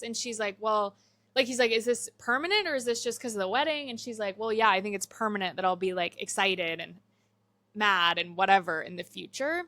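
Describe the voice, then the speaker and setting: A woman's voice: a little high, normal speed, sharp tone, no room sound. A young woman cohosting a movie podcast, chatting casually and acting out movie lines as she retells scenes. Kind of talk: casual chat.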